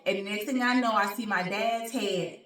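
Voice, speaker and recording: A woman hosting her own show, telling a personal story in an animated, colloquial way and speaking straight to her audience. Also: mid-range voice, moderate pace. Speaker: show host. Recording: roomy sound, distant from mic.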